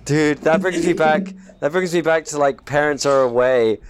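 A man's voice: on the high side, moderate pace, a crowd in the background. A man co-hosting a casual podcast, musing in a laid-back way. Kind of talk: crude casual chat.

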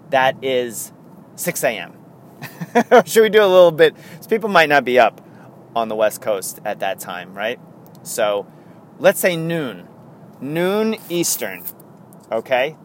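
Podcast host, man, New York accent, excitable and rambling, mid pitch, faint car noise in the background. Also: slow, pauses often. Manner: chatty, rambling and excitable, with frequent laughs. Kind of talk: casual solo podcast chat.

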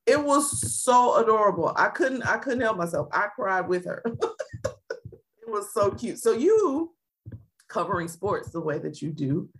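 A woman hosting a podcast, telling stories in an animated, chatty way. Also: lowish voice. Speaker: podcast host. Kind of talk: casual podcast chat.

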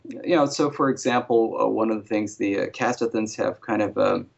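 A man's voice: lowish voice, fairly quick, vocal fry. A man who consults on invented alien languages for a TV series, answering interview questions casually with many restarts and fillers. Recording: dull lo-fi sound.

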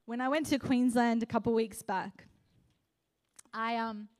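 A young woman preaching a sermon, telling a personal story and building to passionate, loud exhortation. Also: fairly high pitch, fairly even intonation, unhurried. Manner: impassioned, rising to loud exhortation.

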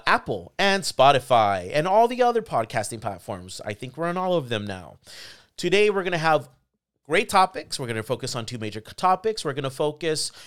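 A man's voice: on the high side, fairly bright tone, clear, resonant tone. A man hosting a casual podcast, opening the show with an upbeat, announcer-like delivery. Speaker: podcast host.

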